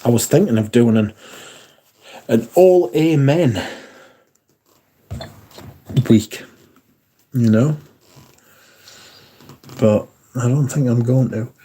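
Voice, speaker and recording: Husky-voiced man chatting on stream. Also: medium pitch, slow pace, long pauses, warm tone. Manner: chatty, swears casually. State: lost his voice, sore throat. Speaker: livestream host. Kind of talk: casual chat to viewers.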